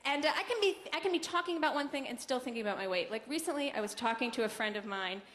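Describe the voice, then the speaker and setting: A young woman doing a stand-up comedy set with a deadpan, conversational delivery and quick asides to the audience. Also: high-pitched. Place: comedy club stage. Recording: roomy club recording with noise. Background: audience laughter.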